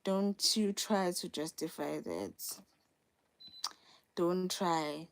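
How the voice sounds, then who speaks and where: A young woman hosts a casual livestream from her phone, speaking directly to her viewers in a lowish voice. She talks extremely slowly, pausing often and repeating herself for emphasis.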